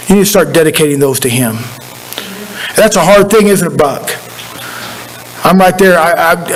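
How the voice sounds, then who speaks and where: A man's voice: high-pitched, a little hiss or hum, poor audio. A man preaching a sermon as pastor, in a folksy, conversational way with repeated phrases. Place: church sanctuary.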